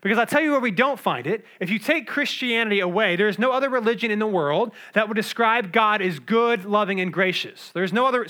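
A young man gives a sermon in an easygoing, conversational manner, tossing in asides and filler words as he goes. His voice sits high and sounds bright and forceful. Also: a little fast, hardly any pauses. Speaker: pastor.

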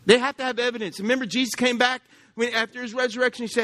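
A man's voice: very high-pitched, fairly even intonation, rapid-fire, a bit bright. A male pastor, preaching a conversational sermon and often asking the congregation questions. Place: church.

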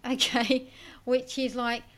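A woman's voice: high voice, completely flat delivery, slow, fairly bright tone. A woman co-hosting a casual film podcast, chatty and self-mocking as she reads out listener comments. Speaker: podcast co-host.

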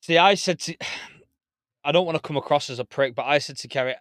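A man's voice: on the high side, brisk, fairly bright tone, no room sound, clean studio sound. A man, a podcast guest in casual chat, blunt and sweary, laughing along with the host.

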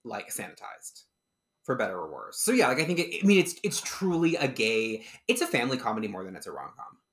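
A man co-hosting a film podcast, recapping and reviewing the movie in a relaxed, dry, casual way. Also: mid-range voice, fairly quick. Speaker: podcast co-host.

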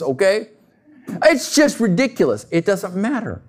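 A man pastor delivering a sermon in a lively, swooping voice that sits a little high. He talks conversationally, drops in rhetorical questions, and keeps the congregation engaged. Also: normal speed.

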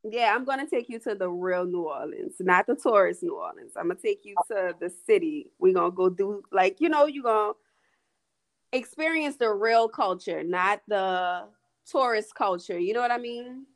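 A woman hosts a relaxed conversation, friendly and quick to agree with her guest. She laughs easily and keeps the talk warm and casual. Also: mid-range voice. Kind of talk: casual chat.

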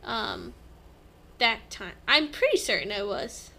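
A woman's voice: fairly high pitch, huge pitch swings, slow pace, creaky, sharp tone. A young woman co-hosting a podcast in casual, giggly chat, with the hiccups. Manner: giggly, chatty. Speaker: podcast co-host.

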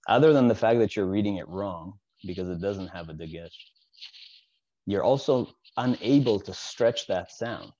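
Male teacher, deep low voice, relaxed explanatory lecture style, dry and slightly dull lo-fi recording. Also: dry recording. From Soviet Union. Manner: explanatory, with frequent asides and "right?" check-ins. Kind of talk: casual lecture.

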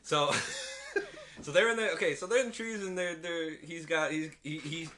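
A man's voice: a little high, normal speed, background noise. A man casually recapping a movie with a friend, rambling, laughing often and swearing freely.

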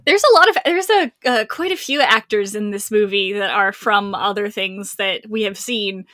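A woman's voice: medium pitch, moderate pace, sharp tone, no room sound, studio quality. A woman co-hosting a casual film-review podcast, chatty and enthusiastic, often laughing along. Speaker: podcast co-host.

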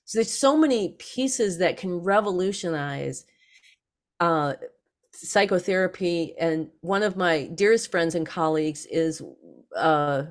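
A woman guest on a podcast interview, telling stories in an animated way and acting out other people's lines. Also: lowish voice, a little slow. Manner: animated, acts out others in lively quotes.

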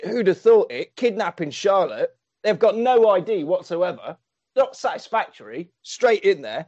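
A man retelling a story in a casual comic way, excitable, laughing and swearing freely. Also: high voice, normal speed, muffled recording.

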